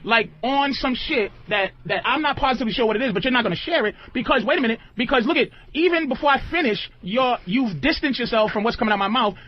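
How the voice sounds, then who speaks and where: A man hosting a radio show, loudly ranting and shouting down a guest in a heated on-air argument, full of swearing. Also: very high voice, animated, quick pace, few pauses, no room sound. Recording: dull lo-fi played-back show clip.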